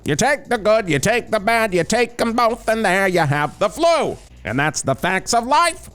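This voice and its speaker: Man doing a wound-up radio traffic guy, high-pitched, loud, rambling, giggly. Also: very animated, normal speed, faint music behind. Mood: manic. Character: excitable male radio traffic reporter. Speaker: traffic reporter.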